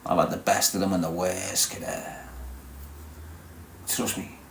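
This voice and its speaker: A man's voice: low voice, level tone, measured pace, slight background noise. A man in his forties with a Scouse accent, bantering crudely with his live-stream chat. He swears constantly and teases his viewers. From Liverpool, England. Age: 40s. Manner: brash, swearing, teasing viewers.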